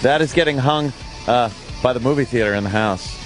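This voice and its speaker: A man's voice: mid-range voice, a little fast, music in the background. A man hosting a talk radio show, doing a live ad read and bantering in a brash, jokey way.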